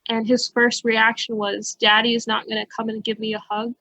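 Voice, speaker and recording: A woman's voice: on the high side, little pitch movement, moderate pace, pushed and bright, low-quality recording. A woman co-hosting a podcast in casual chat, speaking earnestly. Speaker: podcast co-host.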